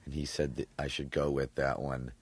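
A man from New York, a voice actor, answering interview questions in an animated way, laughing often and thinking aloud with fillers. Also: a bass voice, normal speed, breathy edge, no echo. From New York, USA. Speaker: voice actor guest.

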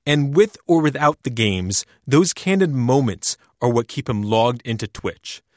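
A man voices a radio news feature from a studio mic, reading his script in a measured, even way. The sound is close and dry, with no room in it. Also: medium pitch, dry recording.

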